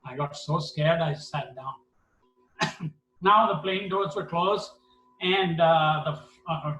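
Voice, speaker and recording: A man's voice: on the high side, slow. A middle-aged man telling a personal story at a devotional gathering, acting out the dialogue. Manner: animated, acts out dialogue. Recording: echoey hall, mic at a distance.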